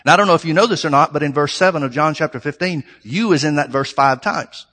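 In a church sanctuary, a pastor with a somewhat high male voice preaches fast and with a sharp tone. His sermon is earnest and conversational, built on emphatic repetition, and every phrase echoes with the long reverb of the large hall.

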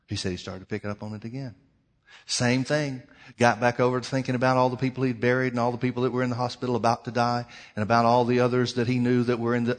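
A male preacher telling a story in a sermon, dramatic, swinging between loud outbursts and hushed near-whispers. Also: mid-range voice.

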